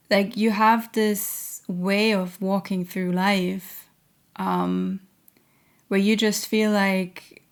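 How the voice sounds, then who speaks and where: Slow, gravelly-voiced woman giving a gentle reading. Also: medium pitch. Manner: hesitant, searching, many fillers. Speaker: intuitive reader. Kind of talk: spiritual reading to camera.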